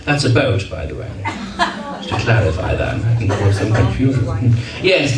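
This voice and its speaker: A lowish male voice with big pitch swings moves at a moderate pace. This entertainer works a live audience in a function hall with teasing comic patter, heard from a distance in a roomy recording full of crowd.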